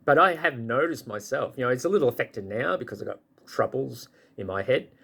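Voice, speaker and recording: Man, 50s+, rambling vlogger, creaky gravel, pitch leaps when he gets worked up, chuckles a lot. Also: expressive, a little fast, fairly bright tone. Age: 50s or older. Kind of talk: rambling casual monologue.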